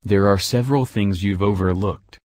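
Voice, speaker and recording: A man reading the lines of a poised, worldly woman who teases and probes her young friend in a measured way. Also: lowish voice, darkish tone, no echo, studio quality, natural voice. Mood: probing.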